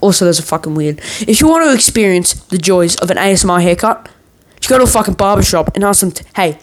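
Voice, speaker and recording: A man's voice: sits high, animated, fast, slight background noise. A man in a worked-up, profane ranting monologue, swearing nearly every sentence as a vlogger.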